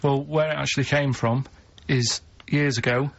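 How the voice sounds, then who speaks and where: Manchester man, co-host, deadpan rambler, mid pitch, lo-fi radio sound. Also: moderate pace, creaky.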